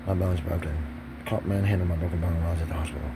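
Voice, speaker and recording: Low-pitched man, rambling and profane, pressured speech with heated swings, audible background noise. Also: fairly even intonation, very fast, gravelly. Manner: rambling, drops to whispers then rises to agitated shouting. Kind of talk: rambling monologue vlog.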